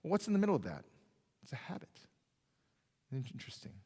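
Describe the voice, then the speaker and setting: Animated preaching pastor in a reverberant hall. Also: male voice, on the high side, husky. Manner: animated preaching, swinging from loud emphasis to quiet, drawn-out phrases; conversational, checks in with "right?" and "okay?". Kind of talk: sermon. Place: church sanctuary. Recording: long reverb of a church hall.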